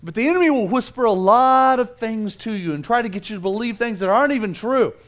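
A middle-aged man preaching a sermon as a pastor, telling stories in an animated, self-mocking way. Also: very high voice, quick pace.

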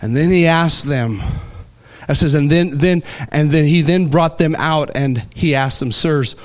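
A man preaching a sermon, telling stories with animated delivery and acting out voices. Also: fairly high pitch, unhurried. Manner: animated storytelling, acts out voices. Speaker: pastor.

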